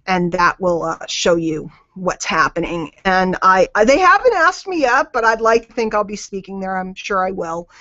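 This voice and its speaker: A woman's voice: medium pitch, animated, normal speed, hardly any pauses, bright, forceful tone, dry recording, highs cut off. A woman coaching a network marketing team on a group call. She talks emphatically and repeats her key phrases for weight.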